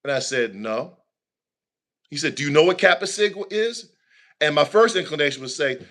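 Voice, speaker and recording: A man with a bright, somewhat high voice tells a story in a preacher's rolling cadence. He is animated and emphatic, a minister speaking on a talk show. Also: moderate pace, pauses often.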